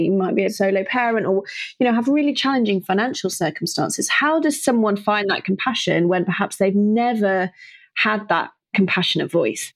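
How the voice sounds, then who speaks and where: A woman's voice: medium pitch, moderate pace. A woman hosting a podcast, asking long, engaged questions of her guest. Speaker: podcast host. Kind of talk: podcast interview.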